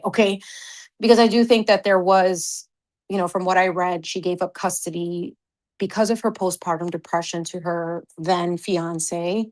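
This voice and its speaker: A woman hosting a relaxed livestream chat. She shouts out her viewers in a gushing, effusive way, then settles into earnest, heartfelt talk. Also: fairly low pitch, a little slow. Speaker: livestream host.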